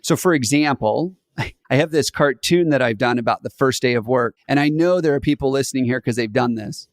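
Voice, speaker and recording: A man talking as a podcast guest about hiring, animated and acting out little scenes. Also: medium pitch, a little fast, no room sound, studio quality. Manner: animated, playfully acts out scenes. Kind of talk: conversational podcast interview.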